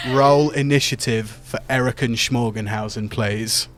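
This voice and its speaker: A man's voice: medium pitch, steady tone, unhurried. A man narrating as game master for a tabletop game, playful and teasing, describing scenes vividly.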